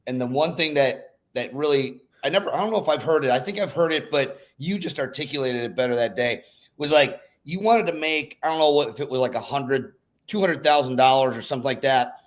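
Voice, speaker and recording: A man's voice: medium pitch, brisk. A man hosting a podcast, chatting in a loose, rambling, friendly way. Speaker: podcast host. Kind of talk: casual chat.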